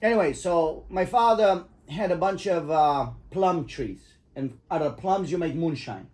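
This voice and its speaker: Profane, rambling storyteller dad, fairly high voice. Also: male voice, lively intonation, measured pace, darkish tone. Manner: rambling, profane, laughs at his own stories. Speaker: father telling stories to his kids. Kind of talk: casual storytelling.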